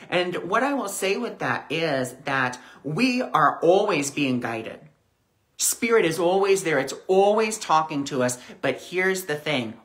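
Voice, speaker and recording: Woman, spiritual teacher, livestream talk, conversational, bright tone. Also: low-pitched. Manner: conversational, acts out voices in stories. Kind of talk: weekly spiritual discussion livestream.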